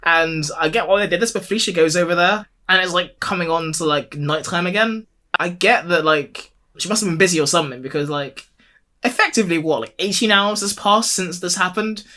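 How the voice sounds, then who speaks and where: A young man co-hosting a podcast, recapping an episode in casual chat with jokes and quick acted quotes. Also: high-pitched, bright, forceful tone. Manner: joking recap full of acted quotes and laughs. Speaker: podcast co-host.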